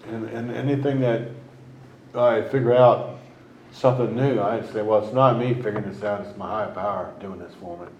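A man sharing his personal recovery story at a meeting, rambling and halting, with many restarts and fillers. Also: fairly low pitch, fairly even intonation, darkish tone, echoey room, lo-fi sound, slight background noise. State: emotional at times. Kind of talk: personal testimony.

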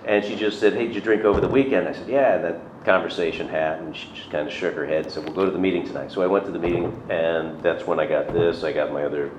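A man's voice: sits low, fairly even intonation, quick pace, hardly any pauses. A middle-aged man telling a personal story in a conversational, self-deprecating way, acting out the people he quotes. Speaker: recovery speaker sharing his story. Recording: roomy, dull lo-fi recording with faint noise.

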